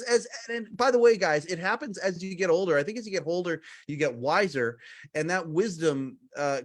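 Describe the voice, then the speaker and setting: Emphatic man in his forties. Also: on the high side. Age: 40s. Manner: emphatic, energetic, speaks to listeners directly. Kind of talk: podcast conversation.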